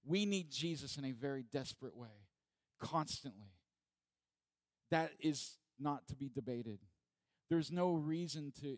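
A man's voice: mid-range voice, no echo. A male pastor preaching a sermon in a conversational way, asking his congregation many rhetorical questions.

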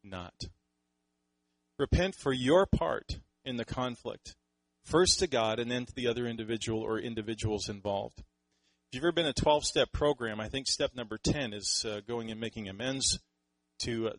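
A Canadian man delivers a sermon in a casual, animated way, slipping into little acted quotes of how people talk. His voice sits at an ordinary middle pitch, recorded close and dry with no room sound. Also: normal speed, dry recording, low-quality recording. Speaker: pastor.

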